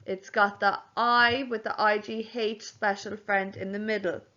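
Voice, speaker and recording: A woman's voice: medium pitch, fairly even intonation, sharp tone. A woman teacher giving a home learning spelling lesson to young children, spelling each word out letter by letter. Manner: slow, spells words out letter by letter. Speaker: primary school teacher. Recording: dull lo-fi home recording.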